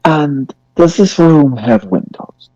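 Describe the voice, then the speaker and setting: A man playing a tabletop game, smooth-talking and dropping into hushed whispers in character. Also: fairly high pitch, lively intonation, slow pace, dry recording. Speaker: player. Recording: muffled lo-fi mic.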